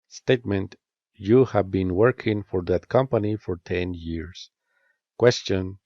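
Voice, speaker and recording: A man teaching an English grammar lesson, reading example statements and questions in a measured, scripted way. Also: on the low side, a little mellow, no echo. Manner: measured, reads statement and question pairs with careful rising intonation. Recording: dull, lo-fi dry voice-over.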